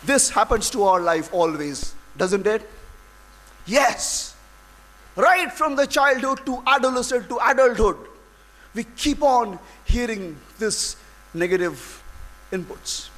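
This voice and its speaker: A man giving a dramatic, emotional inspirational speech to an audience, full of long pauses. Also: high voice, lively intonation, a bit bright, low-quality recording. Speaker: public speaker.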